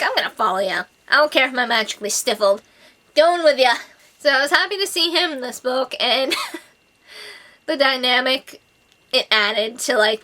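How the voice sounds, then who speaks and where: A woman reviewing a book in a casual vlog, gushing and excitable, full of "like" and "oh my God". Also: a little high. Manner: gushing, excitable, filler-heavy with lots of "like" and "oh my God".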